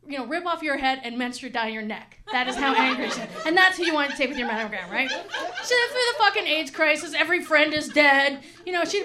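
High-voiced, profane woman comedian. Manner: frank, profane, rambling storytelling. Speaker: stand-up comedian. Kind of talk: stand-up comedy.

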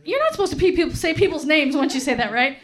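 A woman's voice: high-pitched, animated, quick pace, fairly bright tone. A middle-aged woman doing stand-up comedy, telling stories in a frank, profane, rambling way.

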